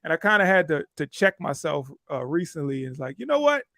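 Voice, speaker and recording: A man's voice: a little high, brisk, bright, forceful tone, no room sound, studio quality. A man on a podcast talking reflectively in a casual chat. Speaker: podcast guest.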